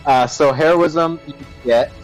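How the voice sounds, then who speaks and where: A man's voice: a little high, poor audio. A man playing a tabletop game, laid-back, reading out spell rules in a casual tone. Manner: laid-back, reads rules aloud quickly. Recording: faint music behind the voice.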